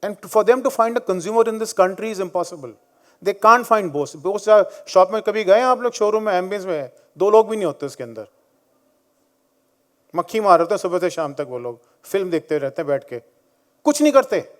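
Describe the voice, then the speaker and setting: A man's voice: high voice, lively intonation, very fast. A man in his fifties with an Indian English accent, telling blunt, combative stories in a conference talk. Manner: blunt, combative, joking storyteller. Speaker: conference speaker. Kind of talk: conference talk with personal anecdotes. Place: conference venue before a live audience.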